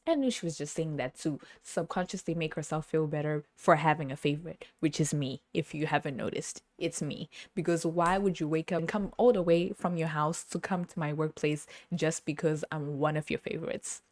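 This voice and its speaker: A young woman hosting a podcast rambles through a casual storytelling monologue straight into the camera, her voice low for a woman. Chatty and animated, she laughs often and acts out the people in her stories. The camera-mounted recording is close and dry, with no echo and almost no room sound.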